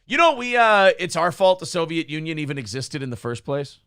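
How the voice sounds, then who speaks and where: A man hosting a casual talk show, ranting in a profane, animated way. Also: a little high, brisk, clean tone, dry recording, clean studio sound. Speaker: podcast host.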